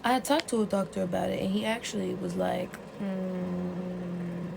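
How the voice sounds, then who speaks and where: A woman vlogger in a casual, excitable rant, retelling a webcomic plot with plenty of swearing and outbursts. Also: fairly low pitch, moderate pace, creaky, noisy background. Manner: excitable and profane, storytelling with gasps and outbursts.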